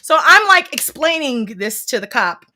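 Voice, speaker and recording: A woman in her thirties on a casual stream, telling a personal story with loud, expressive outbursts and plenty of swearing. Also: high voice, moderate pace, slight background noise. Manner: expressive, swears freely, acts out scenes with sudden loud outbursts. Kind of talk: casual chat, animated storytelling.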